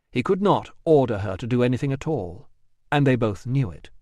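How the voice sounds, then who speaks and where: A man reading historical fiction aloud as an audiobook narrator, with measured storytelling. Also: medium pitch, darkish tone, no room sound, clean studio sound.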